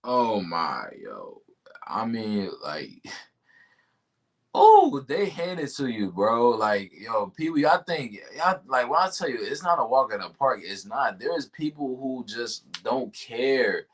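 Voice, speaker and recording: A man's voice: medium pitch, sing-song, slow. A man being interviewed about his sales job, talking casually and animatedly, full of slang like "yo" and "bro". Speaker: guest, tech sales rep.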